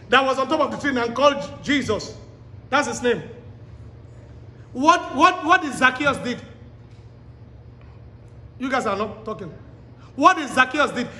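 Recorded in an echoey hall with long reverb, a very high-pitched man preaches to a live congregation. He pleads and exhorts, shouting repeated commands and quizzing listeners directly.

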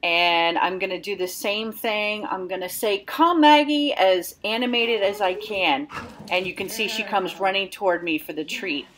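A woman's voice: mid-range voice, moderate pace, fairly bright tone, a little hiss or hum. A woman dog trainer hosting an at-home obedience lesson, talking upbeat and friendly as she explains each step. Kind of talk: instructional video talk.

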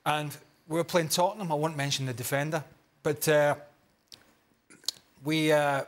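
Slightly high-voiced male pundit. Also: fairly even intonation, moderate pace. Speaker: football pundit, former player. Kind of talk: panel chat.

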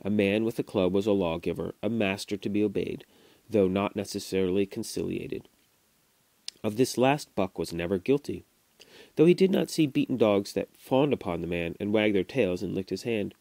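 Low-voiced dad reading a story aloud. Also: male voice, normal speed, creaky, no echo. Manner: steady storytelling read with small restarts. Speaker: father reading to his kids. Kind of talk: audiobook narration. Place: home recording.

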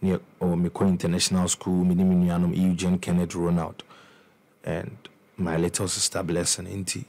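A man's voice: deep voice, monotone, normal speed, mellow. A young Ghanaian man with a Ghanaian accent, telling his life story in a casual interview and mixing English with Twi, with many restarts. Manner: mixes English and Twi, frequent restarts and repeated words. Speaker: musician guest.

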